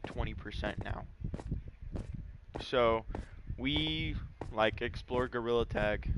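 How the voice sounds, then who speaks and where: Give me a casual male gaming YouTuber, rambling story-style over a noisy recording. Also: on the low side. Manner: rambling storytelling with many fillers. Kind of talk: casual gameplay chat.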